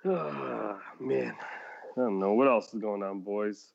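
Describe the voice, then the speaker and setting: A man's voice: fairly low pitch, takes it slowly, gravelly, lo-fi sound. A man co-hosting a casual podcast, rambling with restarts and laughing often. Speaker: podcast co-host. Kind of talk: casual chat.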